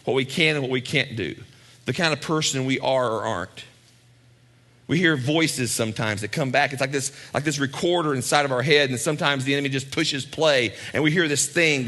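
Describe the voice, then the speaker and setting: A man's voice: fairly high pitch, pushed and bright. A male pastor preaching a sermon in a conversational way, with asides and repeated lines for emphasis.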